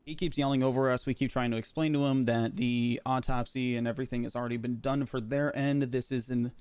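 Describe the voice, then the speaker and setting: A man playing a medic in a roleplay game, recounting events in character, pausing often with fillers as he talks. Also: medium pitch, steady tone, darkish tone, smooth, no room sound. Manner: halting, filler-heavy recounting. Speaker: roleplay medic giving a statement.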